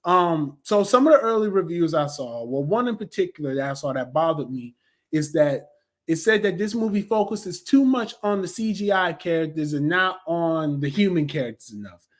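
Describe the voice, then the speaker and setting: A man in his thirties giving a casual, animated movie review, full of slang, fillers and mocking impressions of critics. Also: fairly high pitch, normal speed.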